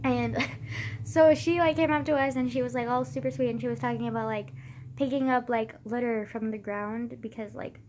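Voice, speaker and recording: A woman's voice: a little high, steady tone, normal speed, darkish tone, slight background noise. A young woman in her late teens rambling casually to camera in a vlog, full of "like" and loose swearing. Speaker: vlogger.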